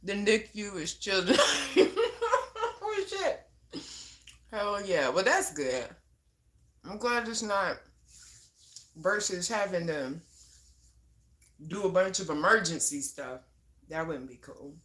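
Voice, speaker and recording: Animated woman livestreaming in an echoey room. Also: on the low side, takes it slowly, long pauses. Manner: laughs often, swears casually, chats to viewers. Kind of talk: casual live-stream chat. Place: at home.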